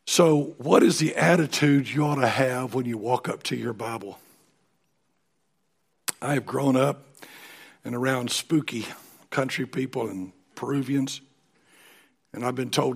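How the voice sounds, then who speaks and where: Middle-aged man as pastor, gravelly and a bit husky, folksy and emphatic. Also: medium pitch, a little slow, long pauses. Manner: folksy, emphatic preaching with sudden soft drops. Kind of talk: sermon.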